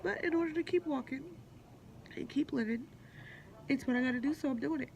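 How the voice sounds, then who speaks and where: Speaking a little fast with vocal fry, this woman in her late twenties has a high-pitched, darkish voice. She records a blunt, candid personal vlog from her hospital room, cursing freely over faint hospital background noise.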